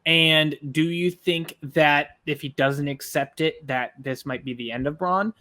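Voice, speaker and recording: A man's voice: on the high side, measured pace, pushed and bright. A man co-hosting a reaction show, casually posing long, rambling questions to his co-host. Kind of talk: casual discussion.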